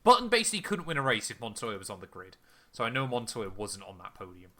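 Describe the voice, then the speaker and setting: A man's voice: lowish voice, sing-song, quick pace, bright, forceful tone. A young man co-hosting a casual podcast, thinking aloud with lots of ums while answering a quiz. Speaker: podcast co-host. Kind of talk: casual chat.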